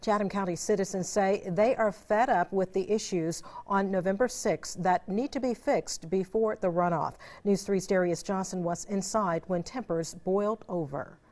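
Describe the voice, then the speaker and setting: A female news anchor at a mid-range pitch introduces a report in a crisp, formal studio delivery. Each line is read cleanly from a script. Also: normal speed, few pauses, a little mellow.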